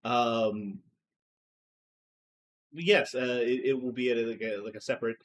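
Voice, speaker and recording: A man's voice: medium pitch, fairly even intonation, measured pace, natural voice. A man voicing a nervous, sweating male company recruiter who stammers and keeps losing his train of thought. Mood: rambling.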